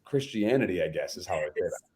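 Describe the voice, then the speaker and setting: Podcast guest, male, lowish voice, earnest storyteller, conversational, leans on fillers. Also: lively intonation, quick pace, darkish tone.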